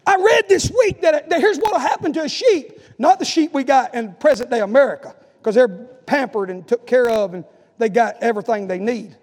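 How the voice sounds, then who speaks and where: A man preaching a sermon as pastor, swinging from hushed, drawn-out lines to shouted calls. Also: very high voice, big-room sound.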